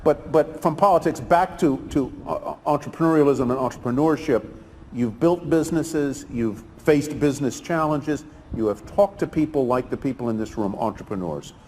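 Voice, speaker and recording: A man's voice: a little high, moderate pace, dark tone, a little hiss or hum. A man moderating an interview on stage, putting questions to the guest and moving things toward audience questions. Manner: brief affirmations, steering questions. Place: large event hall with audience. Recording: reverberant hall, faint ambience.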